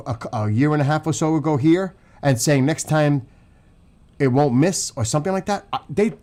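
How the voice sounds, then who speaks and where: A livestream host with a New York accent rants emotionally and profanely about politics to his chat. His voice sits slightly high and sounds a little mellow.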